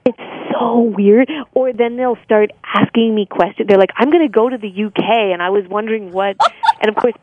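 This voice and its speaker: A woman's voice: medium pitch, moderate pace, phone-quality sound, slight background noise. An American woman being interviewed, a singer and voice-over artist, talking casually with lots of fillers and laughing often.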